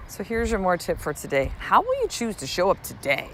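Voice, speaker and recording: A woman in her thirties talks straight into the mic for her own podcast and tells her stories in a blunt, animated way. She swears freely and keeps it casual. Faint traffic hums outdoors behind her. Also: on the low side, normal speed, few pauses. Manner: blunt and profane, animated storytelling. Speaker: podcast host. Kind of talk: casual solo podcast monologue.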